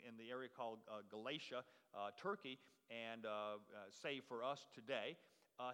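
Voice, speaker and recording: A man's voice: medium pitch, a bit bright, long reverb tail. A middle-aged man preaching a sermon in a conversational way, full of fillers and restarts. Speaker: pastor.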